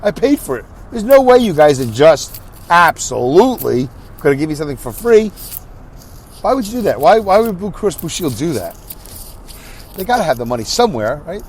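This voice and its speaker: A man's voice: high voice, slight background noise. A tired middle-aged man, hosting a podcast and telling a rambling story, acting out both sides of a conversation. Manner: animated, acts out dialogue, rambling and self-interrupting. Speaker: podcast host. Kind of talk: casual storytelling monologue.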